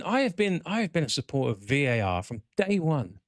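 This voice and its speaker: A man's voice: fairly high pitch, fairly quick, hardly any pauses, dry recording, studio quality. A man hosting a casual football chat show, ranting with exasperation and the odd swear word. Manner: animated, swearing, exasperated rants. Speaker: podcast host.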